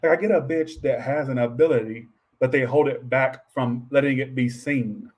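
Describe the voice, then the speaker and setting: A tarot reader with a mid-range, darkish voice and fairly even intonation speaks at normal speed. His casual reading for viewers rambles and stays offhand, with frequent swearing and asides to chat.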